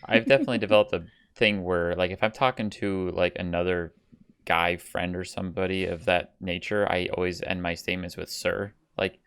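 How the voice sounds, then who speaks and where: Deep, smooth-voiced man. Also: fairly even intonation, fairly quick, fairly bright tone. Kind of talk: casual chat.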